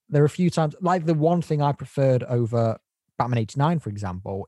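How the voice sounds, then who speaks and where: A man's voice: mid-range voice, a little mellow, no room sound, studio quality. A man co-hosting a casual film-review chat, rambling through his points with bursts of laughter and mock impressions. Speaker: podcast co-host.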